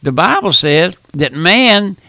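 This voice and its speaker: Male pastor, fiery radio sermon delivery, high gravelly tone. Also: sing-song, takes it slowly, no room sound. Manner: fervent preaching, swings from pleading hush to shouting.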